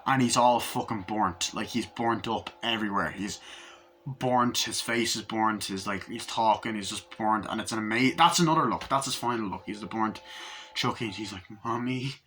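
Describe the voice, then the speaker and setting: A man giving a casual movie review, recapping scenes excitedly with lots of swearing and rambling. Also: on the low side, normal speed.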